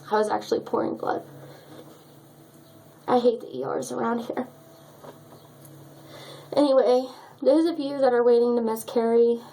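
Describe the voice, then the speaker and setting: A woman's voice: fairly high pitch, gravelly, a little mellow, low-quality recording. A young woman telling a personal story in a vlog, emotional and choked up as she talks. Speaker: vlogger.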